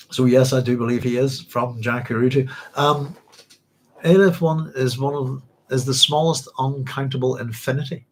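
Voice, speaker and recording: A man with a Northern Irish accent hosting a casual book club stream, chatty and rambling, with plenty of fillers and restarts. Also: mid-range voice. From Northern Ireland. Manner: rambling, chatty, many fillers and self-corrections. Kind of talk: casual livestream book discussion.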